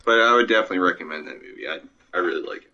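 Man, lowish voice, bright sharp tone, rambling casual film talk, dull lo-fi audio. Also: very fast. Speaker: podcast co-host. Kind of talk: casual movie chat. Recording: dull lo-fi sound.

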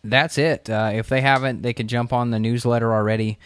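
A man's voice: mid-range voice, fairly even intonation, a little fast, clean tone, no room sound, studio quality. A man co-hosting a health podcast, chatting casually and sharing personal anecdotes. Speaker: podcast co-host.

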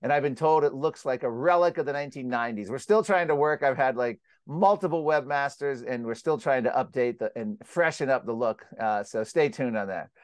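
An American man telling stories as a guest in a casual interview, animated and rambling with many restarts. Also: medium pitch, a little fast, hardly any pauses, no echo, studio quality. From United States. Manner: animated, rambling with restarts, acts out quotes loudly. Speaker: guest, climate skeptic publisher.

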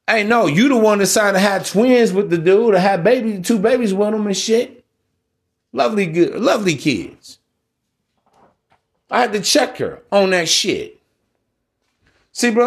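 A podcast host talking alone to his listeners, lecturing them in blunt, cuss-filled street slang. His voice sits high for a man, and he preaches more than he chats. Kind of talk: solo podcast monologue.

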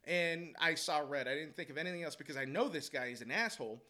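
A man telling a heated story about coaching basketball, animated and profane, laughing as he goes. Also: a little high, quick pace. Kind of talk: casual storytelling chat.

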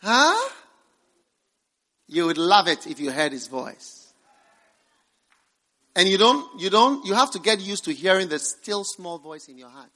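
Animated, bright-voiced preaching man. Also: on the high side. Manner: swings from loud preaching to hushed, slow quotes. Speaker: pastor. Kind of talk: revival sermon. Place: church revival service.

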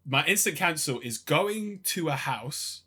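A man's voice: on the high side, animated, unhurried, sharp tone, slightly rough. A man co-hosting a casual film podcast, telling stories with a laugh and acting out scenes. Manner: laughing, storytelling, acts out quotes. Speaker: podcast co-host.

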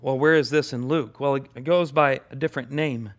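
A man's voice: medium pitch, steady tone, a little fast. A male pastor preaching a sermon, repeating key phrases for emphasis.

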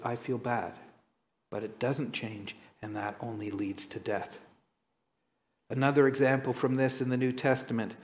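Slow, measured male preacher. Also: darkish tone. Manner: storytelling, acts out quotes with dramatic pitch jumps. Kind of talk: sermon.

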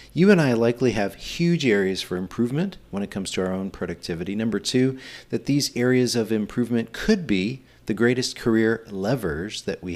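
A middle-aged man hosting a solo podcast, talking earnestly and encouragingly, asking the listener rhetorical questions. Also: fairly low pitch. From Pennsylvania. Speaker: podcast host, nonprofit executive director.

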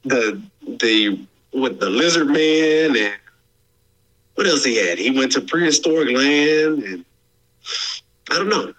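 A man co-hosting a podcast, chatting in a rambling, animated way. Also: medium pitch, unhurried, pauses often, rough recording. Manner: animated, rambling, with laughs and restarts. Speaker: podcast co-host. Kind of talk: casual chat.

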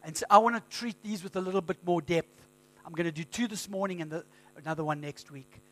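High-voiced pastor preaching conversationally. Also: male voice, fast talker. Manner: conversational storytelling, animated quoting. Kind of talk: sermon.

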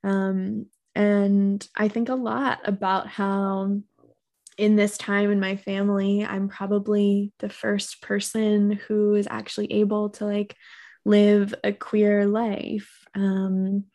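A young woman with a gravelly edge to her voice talks earnestly about her writing. Her pitch stays level and even as she reads her poem in a soft, reflective voice. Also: slow pace. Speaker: poet guest. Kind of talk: conversational interview and poetry reading.

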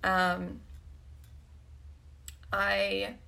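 A woman's voice: mid-range voice, monotone, very slow, vocal fry, sharp tone. A woman hosting a podcast, telling a personal story in a blunt, profane way and laughing often. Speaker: podcast host. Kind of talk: candid storytelling monologue.

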